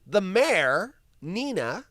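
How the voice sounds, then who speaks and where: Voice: mid-range voice, very animated, very slow, a bit bright, no room sound, studio quality. A live stream host doing solo commentary, ranting with profanity, mocking asides and laughter while reading the news aloud.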